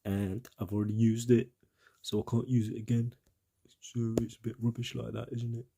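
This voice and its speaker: A man's voice: medium pitch, level tone, normal speed, vocal fry, dark tone, breathy edge. A man with a British accent giving casual, rambling commentary on a game, with self-mocking asides.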